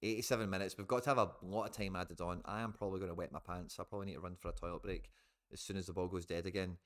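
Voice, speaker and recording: A man's voice: deep voice, fairly even intonation, very fast. A man with a Scottish accent giving chatty live commentary on a football match to his stream viewers, now and then swearing.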